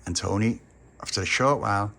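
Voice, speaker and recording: A man's voice: lowish voice, a little fast, vocal fry, a bit bright. A man narrating a homely children's story in a chatty way.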